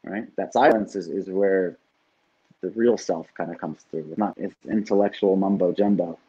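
A man's voice: deep voice, steady tone, moderate pace, dark tone, husky, dull audio. A man who works as a life coach, talking casually and animatedly, swearing now and then and often asking "right?". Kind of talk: casual podcast conversation.

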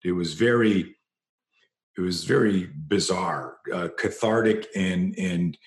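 A man's voice: low voice, takes it slowly, roomy sound. A man, a self-defense instructor, telling a story as an interview guest, passionate and profane, often restarting his sentences.

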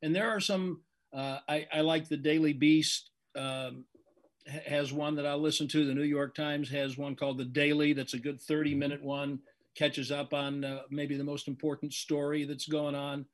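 An older man, a veteran sports broadcaster, giving measured, analytical answers in an interview. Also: a little high, little pitch movement.

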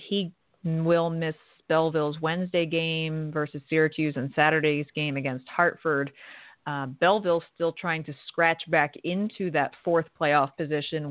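A woman's voice: low voice, no room sound. A woman co-hosting a hockey radio show, reading a sponsor spot and giving league news with dry, sardonic asides. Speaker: podcast co-host. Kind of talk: hockey radio talk and scripted sponsor read. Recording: tinny phone-line sound, dry.

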